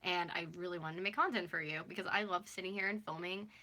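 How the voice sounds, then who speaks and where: Chatty young woman with a bright voice. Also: fairly low pitch, steady tone, fast. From North America. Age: early 20s. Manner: chatty and rambling, with constant fillers. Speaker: YouTuber live-streaming to viewers. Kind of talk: casual, confessional live chat.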